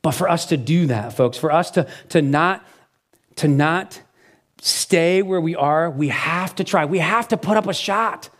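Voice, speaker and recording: A middle-aged man preaching a sermon as pastor, telling stories in a lively conversational way with frequent restarts. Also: on the high side, unhurried.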